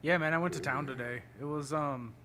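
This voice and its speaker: A man's voice: on the high side, fairly quick, a crowd in the background. A man calling in to a stream, talking in a casual, laid-back and hesitant way. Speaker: caller. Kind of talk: casual chat.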